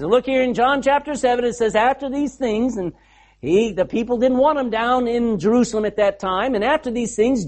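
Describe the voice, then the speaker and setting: A preacher delivering a sermon, the voice rising and falling with a very lively, expressive pitch. The delivery is casual and storytelling, with frequent rhetorical questions to the listeners. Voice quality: animated storyteller, asks the congregation rhetorical questions.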